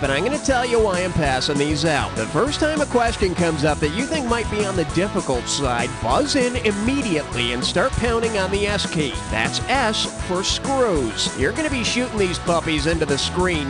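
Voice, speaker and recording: A man hosting a quiz game, wisecracking and punning, jumping between loud calls and low asides. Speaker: quiz show host. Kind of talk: scripted game show hosting. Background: game music.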